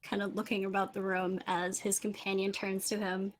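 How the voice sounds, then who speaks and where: A woman's voice: medium pitch, little pitch movement, moderate pace. A woman narrating as game master of a tabletop game, casual with lots of laughs and fillers.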